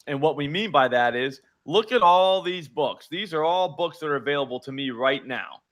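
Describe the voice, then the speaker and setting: Animated higher-voiced man calling bets. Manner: fast, animated explaining with filler words. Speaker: sports betting show host. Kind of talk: live betting show chat.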